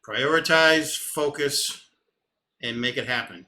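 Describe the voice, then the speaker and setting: A man's voice: medium pitch, slow pace. A man co-hosting a live stream of intuitive readings, speaking emphatically and repeating key words. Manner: repetitive and emphatic, swings from loud to muttered. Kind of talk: live psychic reading chat.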